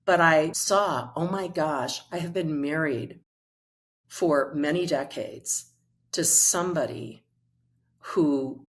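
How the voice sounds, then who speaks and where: Middle-aged woman guest, coach, low register, animated storyteller. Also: slow pace. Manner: animated storyteller acting out quoted dialogue. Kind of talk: conversational storytelling.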